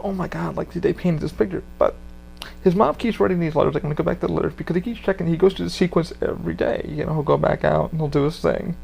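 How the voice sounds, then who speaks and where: Gravelly man rambling casually. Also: fairly high pitch, a little mellow, a little hiss or hum. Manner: rambling, profane, full of fillers. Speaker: podcast host.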